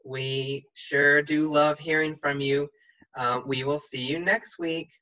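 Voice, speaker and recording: A woman music teacher leading young children through a rhythm lesson, speaking slowly and clearly with encouragement. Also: sits low, steady tone, sharp tone. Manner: slow, clear, encouraging classroom delivery. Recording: dull lo-fi sound.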